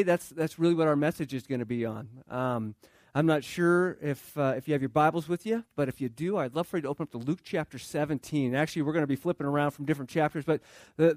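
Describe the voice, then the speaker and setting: A pastor with a high-pitched male voice delivers a sermon in an easy, conversational way. He often restarts and repeats phrases and throws questions out to the congregation. The sound is dry and close, with almost no room echo. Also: a little mellow.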